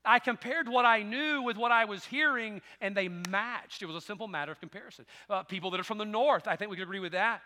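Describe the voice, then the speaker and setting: A middle-aged man with a Southern American drawl delivers a sermon, mixing folksy storytelling with bursts of emphatic preaching. His voice sits high and bright. It rings out with the long reverb of a church hall. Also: quick pace, hardly any pauses, a little hiss or hum. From Southern United States. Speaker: pastor.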